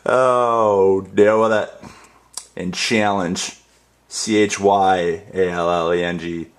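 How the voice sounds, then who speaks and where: A man's voice: deep voice, fairly even intonation, slow, clear, resonant tone. A young man from the northern United States, rambling casually and jokingly through a dialect tag and spelling words out. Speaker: YouTube creator.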